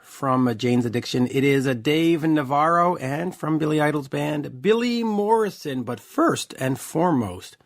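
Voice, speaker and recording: A man's voice: fairly high pitch, animated, normal speed, gravelly, few pauses. A man hosting a rock podcast, chatting in a jokey, loose way with frequent fillers. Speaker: podcast host. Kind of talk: casual interview chat.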